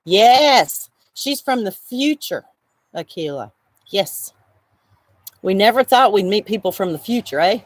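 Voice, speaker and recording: A woman's voice: medium pitch, animated, unhurried, dry recording. A woman hosting a casual crochet livestream outdoors, chatting and reading viewers' comments aloud as she laughs often. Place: outdoors in the shade.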